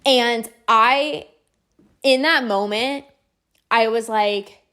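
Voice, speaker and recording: A woman coach hosting her own podcast, talking up her program with bright enthusiasm and a steady stream of "like" fillers. Her voice sits a little higher than most women's. She sounds persuasive and casual rather than scripted. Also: extremely slow, smooth. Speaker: podcast host and binge-eating coach. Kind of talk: promotional podcast monologue.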